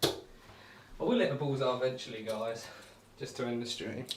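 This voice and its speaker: A man's voice: mid-range voice, normal speed, background noise. A man with a broad Northamptonshire accent chatting casually to viewers on a darts live stream, laid-back and laughing often. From England.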